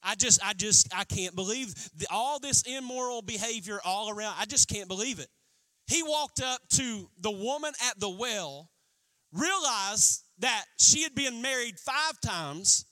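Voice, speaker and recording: A man pastor preaching a sermon, acting out quotes in an animated way. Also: very high voice, dry recording. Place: church.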